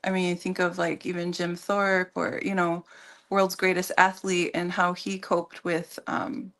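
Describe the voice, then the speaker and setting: A woman talking as a guest on a radio show in a casual, halting way, with many fillers and restarts. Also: lowish voice, level tone, a bit bright. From Minnesota. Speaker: guest, community organization leader.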